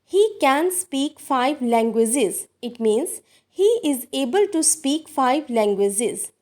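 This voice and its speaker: A woman teaching grammar in a recorded lesson, speaking deliberately and addressing her viewers as dear students. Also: high voice, lively intonation, darkish tone. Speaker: English teacher.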